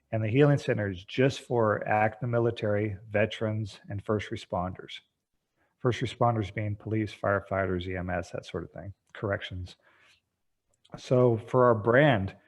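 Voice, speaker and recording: A man speaking as a podcast guest, an energetic storyteller who acts out bits of dialogue. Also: lowish voice, muffled recording. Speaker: guest, treatment center founder. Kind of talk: podcast interview.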